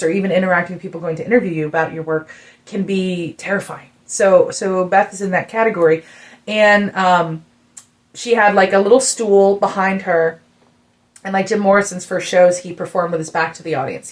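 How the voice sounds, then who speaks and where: A middle-aged woman from the United States talks through a long concert story in a relaxed podcast chat. She is animated and keeps filling her sentences with "like", and her voice climbs higher as her excitement builds. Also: a little fast. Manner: animated storyteller, many "like" fillers, rising excitement. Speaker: guest musician telling a story.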